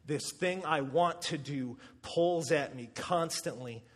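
A man preaching a sermon, telling stories with animation and acting out quotes with sudden shouts. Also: a little high, slow pace, slightly rough. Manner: animated storytelling, acts out quotes with loud shouts.

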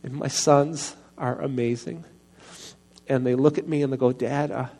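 A middle-aged man preaching a personal testimony sermon into a microphone, earnest and confessional, often soft-spoken. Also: medium pitch, steady tone, normal speed, creaky.

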